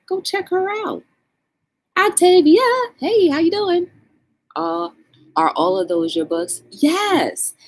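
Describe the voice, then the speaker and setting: A woman's voice: fairly low pitch, breathy edge. A woman hosting a livestream talk show, chatting casually and encouraging her viewers. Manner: animated, encouraging, greets chat viewers.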